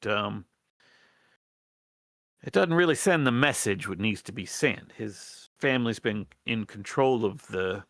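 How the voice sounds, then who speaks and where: A man's voice: on the low side, animated, measured pace, a bit bright, dry recording, clean studio sound, voice pushed up. A man voicing an earnest female rat rebel who pleads for allies, in a hesitant folksy drawl full of restarts. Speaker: game master. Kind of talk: in-character role-play in a tabletop game.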